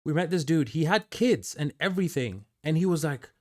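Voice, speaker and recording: A man's voice: on the high side, lively intonation, brisk. A man from Kenya hosting a casual live stream from his music studio, chatting loosely with viewers by name and filling his talk with "like" and "dude.". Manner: chatty, talks to chat by name, lots of "like" and "dude".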